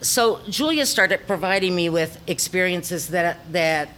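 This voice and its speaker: A woman's voice: fairly low pitch, expressive, unhurried, a bit bright, slight background noise. Ozark-accented woman telling her story. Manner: reflective storytelling with frequent ums. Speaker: theater director. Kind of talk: personal talk to an audience.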